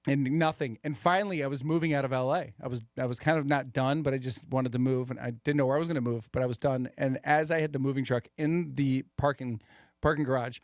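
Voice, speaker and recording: A man's voice: mid-range voice, steady tone, quick pace, dry recording, clean studio sound. A man who is a comedian, guesting on a radio show and telling a loose story with many restarts. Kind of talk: casual radio interview.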